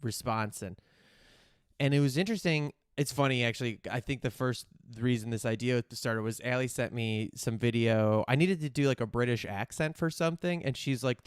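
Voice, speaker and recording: A man's voice: mid-range voice, normal speed, clean tone, no room sound, clean studio sound. A man hosting a podcast, chatting in a rambling, candid way and swearing casually. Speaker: podcast host. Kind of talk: casual chat.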